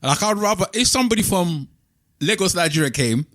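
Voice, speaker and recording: A man's voice: sits high, expressive, brisk, fairly bright tone. A man with a London accent co-hosting a podcast in casual, slangy, wry chat. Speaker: podcast co-host.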